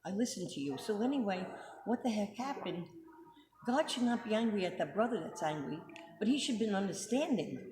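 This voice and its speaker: A woman's voice: mid-range voice, expressive, moderate pace. A middle-aged woman hosting a casual religious commentary, talking emphatically and firing off rhetorical questions to check you're following. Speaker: host. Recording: echoey room with background noise.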